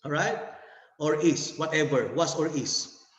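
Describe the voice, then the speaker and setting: A man's voice: on the high side, measured pace, fairly bright tone, echoey room, in a large hall, poor audio. A man with a Filipino accent giving a nervous sales presentation over a video call, laughing and restarting often.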